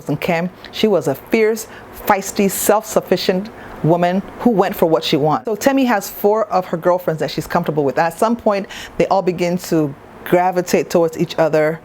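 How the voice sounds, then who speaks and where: A woman's voice: fairly low pitch, moderate pace, darkish tone, slight background noise. A woman talking to camera in a casual review vlog, chatty and playful, with asides to the viewer. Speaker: TV show reviewer.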